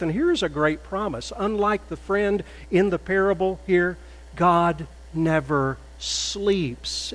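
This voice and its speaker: A man preaching a sermon as a pastor, measured and deliberate, rising to loud emphatic peaks. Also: fairly high pitch. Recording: echoey hall with faint mains hum.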